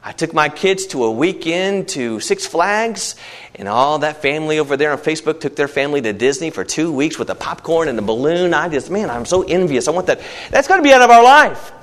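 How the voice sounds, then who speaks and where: A man preaching with a voice pitched a little high. He swings between emphatic, climbing peaks and low, quiet passages, and he slips into everyday voices to act out short asides. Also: big pitch swings, brisk. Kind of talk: sermon.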